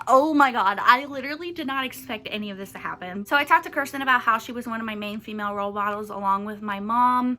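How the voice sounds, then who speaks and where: Young woman vlogger, gushing storytime delivery, bright and a bit high. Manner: gushing and emotional, with many fillers. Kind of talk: casual storytime narration.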